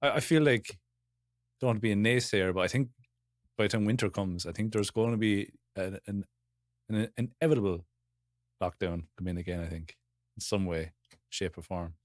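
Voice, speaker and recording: Low-voiced Irish man, easygoing chat. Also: normal speed, long pauses, dry recording, clean studio sound. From Ireland. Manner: agreeable, backchanneling, laid-back. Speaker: podcast co-host. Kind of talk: casual chat.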